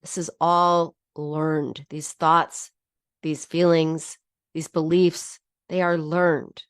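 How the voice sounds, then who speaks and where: A woman's voice: low-pitched, flat delivery, takes it slowly, smooth, no room sound, clean studio sound. A middle-aged woman teaching about binge eating in a heartfelt personal talk, often restarting her sentences. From United States. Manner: earnest and heartfelt, with frequent restarts.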